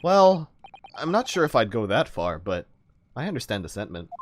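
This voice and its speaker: Male streamer, lively pitch, casual giggly play-along chat. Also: normal speed, a little hiss or hum. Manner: giggly, self-deprecating and chatty.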